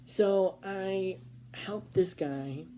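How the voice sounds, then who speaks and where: A woman's voice: medium pitch, very slow, mellow, slight background noise. A woman vlogger telling a casual storytime, rambling with fillers and restarts.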